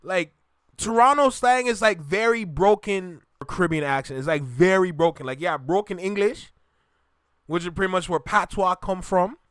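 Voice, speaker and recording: A man from Jamaica with a Jamaican accent, hosting a reaction video and chatting casually to viewers in an animated, repetitive way. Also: high voice, normal speed, clean tone, dry recording, clean studio sound. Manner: animated, repeats himself, talks to viewers directly.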